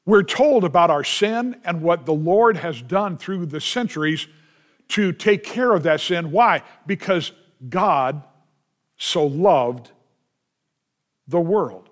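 High-voiced, slow-preaching male pastor. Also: animated. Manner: emphatic preaching with repeated refrains and rhetorical questions. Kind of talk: sermon.

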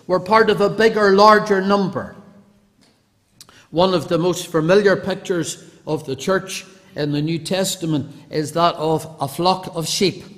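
Male preacher, high voice, earnest and emphatic, recorded with long church reverb. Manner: earnest, emphatic, slowing on scripture quotes. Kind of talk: sermon.

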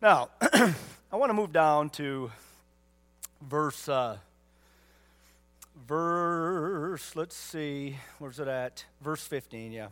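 Preacher guy, kinda high voice, firing off questions, folksy jokes in between. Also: animated, slow pace, long pauses, fairly bright tone. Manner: emphatic, rhetorical questions, folksy asides. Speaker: pastor. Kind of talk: sermon.

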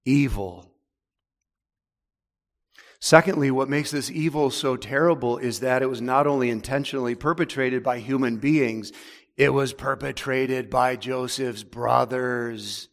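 In a recording with long reverb from a hall, a man preaches as pastor, forceful in delivery and slowing and lowering his voice on key words.

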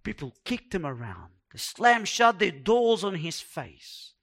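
Male preacher, slow measured sermon delivery, dramatic swings from soft to loud. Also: high voice, sing-song. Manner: acts out quoted complaints in a raised voice.

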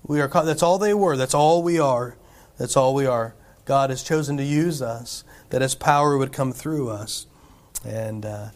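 In this church sermon, a male pastor speaks in a voice a bit higher than typical for a man. He stays conversational, aiming rhetorical questions and asides at the congregation, and trips over restarts and fillers along the way.

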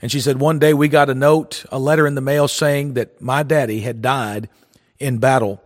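A man's voice: mid-range voice, fairly even intonation, normal speed, long reverb tail. A man preaching a sermon, telling a folksy story in an earnest way.

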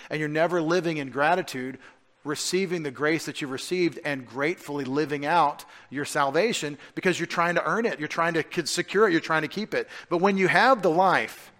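A male pastor giving a conversational sermon, full of rhetorical questions and restarts, swinging between emphatic points and quiet asides. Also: a little high. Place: church.

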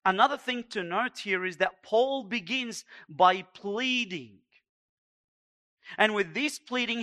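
A man's voice: high-pitched, pushed and bright. A man preaching a sermon, pleading and emphatic, stretching out key phrases. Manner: pleading, emphatic preaching with slow drawn-out stresses. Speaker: pastor.

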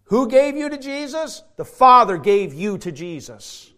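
Preacher, male, high voice, fervent sermon delivery with big dynamic swings. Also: very animated, unhurried. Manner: emphatic, swings from quiet to shouting.

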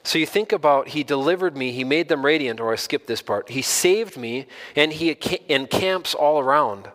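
A man's voice: fairly high pitch, expressive, normal speed, fairly bright tone. Earnest male preacher in a reverberant hall. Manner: earnest, stresses key phrases, rises when emphatic. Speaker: pastor. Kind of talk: sermon.

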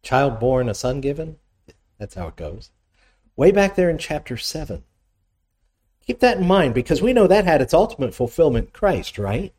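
A man's voice: on the high side, very animated, normal speed, a little mellow. A man preaching a sermon, teaching in a conversational way, reading scripture aloud and putting questions to his listeners. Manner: reads scripture aloud between explanations. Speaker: pastor.

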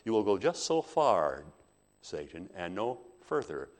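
A man's voice: low-pitched, sing-song, a little slow, a little mellow. Man voicing God, stern and commanding. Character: stern, sovereign male God. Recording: long hall reverb.

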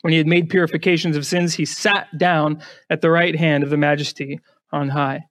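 A man's voice: on the high side, little pitch movement, fairly quick, fairly bright tone. A male pastor preaching an emphatic sermon, putting rhetorical questions to his congregation and often repeating words as he starts a phrase.

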